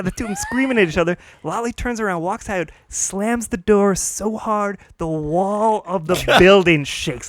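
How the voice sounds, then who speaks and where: A man on a comedy podcast telling a long story with lively energy and laughing at his own punchlines. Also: high voice, moderate pace, few pauses, no echo, clean studio sound. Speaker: podcast co-host. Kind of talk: casual storytelling.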